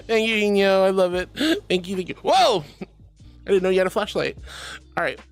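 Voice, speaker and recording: A woman's voice: medium pitch, steady tone, fairly quick, clean tone, faint music behind. A woman streaming and reading her chat, bubbly and giggly, calling her viewers sweetie and darling. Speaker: VTuber streamer. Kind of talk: livestream chat.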